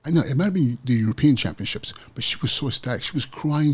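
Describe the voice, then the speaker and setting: Here the principal's voice is mid-range and slightly rough, with lively intonation, and he talks fast with hardly any pauses. He hosts an education podcast, giving a motivational monologue about teaching kids to win, full of passion and emphatic repetition.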